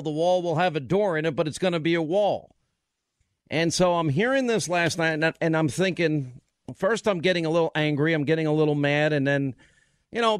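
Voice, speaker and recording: Radio host, male, fired-up political monologue, a little high-pitched, close and dry. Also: no echo. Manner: animated, indignant, quotes others in mock voices. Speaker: radio talk show host.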